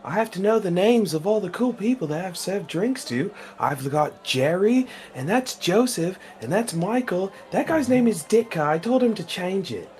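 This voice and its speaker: A man's voice: sits high, expressive, moderate pace, hardly any pauses, darkish tone, pitched above the performer's own voice. A man putting on a boisterous, chatty tavern adventurer. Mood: jovial. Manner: boisterous, keeps calling people mate. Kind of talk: in-character tabletop role-play.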